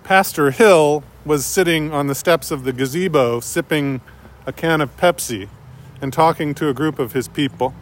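A man narrating a story in a measured, unhurried way. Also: fairly high pitch. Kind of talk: story reading.

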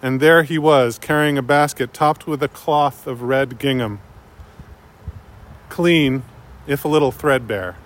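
A man narrating a story in a measured, unhurried way. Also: mid-range voice. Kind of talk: story reading.

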